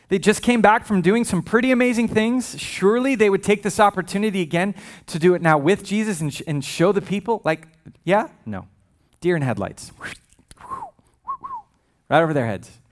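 Conversational male pastor preaching. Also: on the high side. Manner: conversational and humorous, with frequent asides. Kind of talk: sermon.

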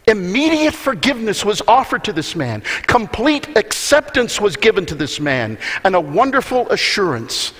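Male preacher, emphatic and earnest, mid-high voice, church hall echo. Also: expressive, moderate pace, hardly any pauses, fairly bright tone. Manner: earnest, emphatic, repeats words for stress. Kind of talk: sermon. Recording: long hall reverb.

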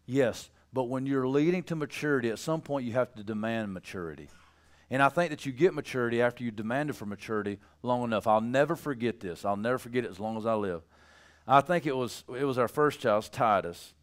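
A man preaching a sermon, telling stories about his children, laughing at his own tales and building to loud emphasis. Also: mid-range voice, fairly quick. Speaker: pastor.

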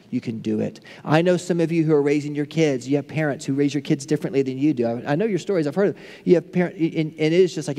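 A male pastor preaching a sermon, building to impassioned peaks and then falling to hushed, soft prayer. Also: fairly high pitch, long reverb tail. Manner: impassioned, rising to near shouts then dropping to hushed tones.

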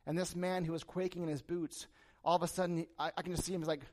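A man's voice: fairly high pitch, fast. A man preaching a sermon, reading scripture aloud and then retelling it in casual everyday words, now and then acting out the people in the story. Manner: acts out the frightened servant with sudden animated bursts.

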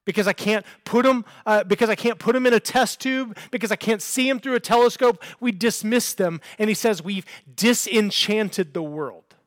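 High-voiced male pastor preaching. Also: brisk, hardly any pauses, dry recording, clean studio sound. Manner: earnest, repeats words when building a point. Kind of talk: sermon. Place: church sanctuary.

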